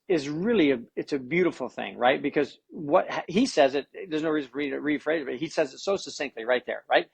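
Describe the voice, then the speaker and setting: A man's voice: medium pitch, gravelly, breathy edge. A middle-aged man, a tennis coach and podcast guest, talking casually and with animation, often repeating words as he starts a thought. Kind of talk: casual conversation.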